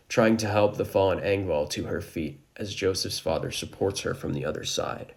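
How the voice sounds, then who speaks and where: A man with a very low, gravelly voice recaps a manga chapter. His telling is casual and enthusiastic, and he breaks in with joking side comments. The fry in his voice is constant. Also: normal speed, few pauses.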